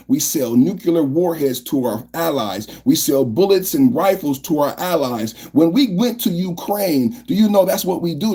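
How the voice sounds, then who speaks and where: A man's voice: on the high side, dark tone, husky. A male podcast host doing political commentary, firing off repeated rhetorical questions and often asking viewers to like the video. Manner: repetitive, fired-up rhetorical questions.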